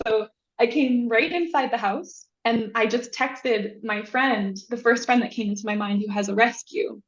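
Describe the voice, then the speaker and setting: Casual chatty woman guest, lots of "like", kinda high voice, echoey and a bit muffled. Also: moderate pace. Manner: animated, acts out quoted voices, frequent "like". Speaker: podcast guest. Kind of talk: casual storytelling. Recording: echoey, dull lo-fi sound.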